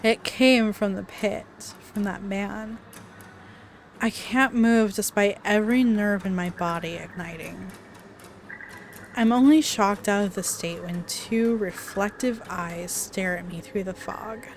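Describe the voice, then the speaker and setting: A woman's voice: mid-range voice, slow, slight background noise. A woman playing a visual novel, reading the story aloud with dramatic narration and dropping into casual asides. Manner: dramatic read-aloud broken by chatty asides and laughs. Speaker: let's play player.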